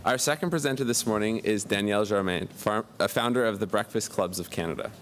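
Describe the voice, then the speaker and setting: A man's voice: on the low side, quick pace, a bit bright, slight background noise. A man co-hosting a forum, announcing and welcoming speakers in a formal way. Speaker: forum co-host. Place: science centre stage.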